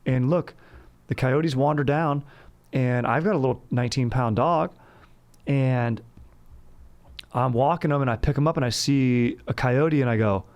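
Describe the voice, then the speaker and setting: Animated jokey man hosting a podcast. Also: medium pitch, measured pace, long pauses, lo-fi sound. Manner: animated, jokey, swings into loud bits. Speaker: podcast host. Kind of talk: casual comedic podcast chat with ad reads. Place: Los Angeles.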